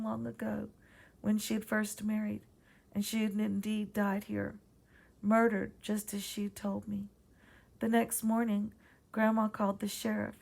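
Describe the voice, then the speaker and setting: A woman with a Southern accent reads her own ghost story aloud in a quiet, measured way, her mid-range voice carrying vocal fry.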